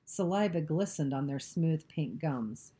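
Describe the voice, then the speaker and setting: A woman reading a novel aloud, narrating in a steady, even way. Her voice sits very low for a woman, with a warm, mellow tone. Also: unhurried.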